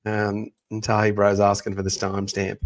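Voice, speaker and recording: A man's voice: monotone, normal speed. Chatty man hosting a watch-along. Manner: chatty, reads out viewer comments; loud booming voice. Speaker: podcast host. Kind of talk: casual watch-along chat.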